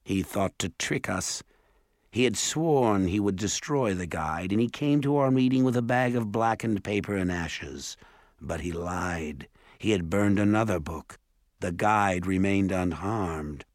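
Stern male elf voiced by a man, solemn, deliberate, very slow. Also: low-pitched, no echo, clean studio sound. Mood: threatening. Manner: slow, grave and accusing. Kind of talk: audiobook character voice.

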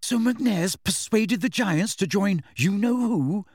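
Man putting on a worried teen girl, raised pitch, fast questions, husky, audiobook. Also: expressive, darkish tone, dry recording, clean studio sound. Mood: anxious questioning. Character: anxious clever teenage girl.

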